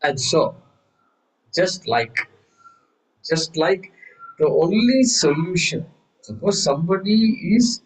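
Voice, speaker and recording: A man teaches a class in a lively, questioning way. His voice sits fairly high for a man. He often slips into acting out the people in his examples. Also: takes it slowly, pauses often, low-quality recording. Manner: animated, acts out quoted voices, rhetorical questions. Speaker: Vedanta teacher. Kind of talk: class lecture.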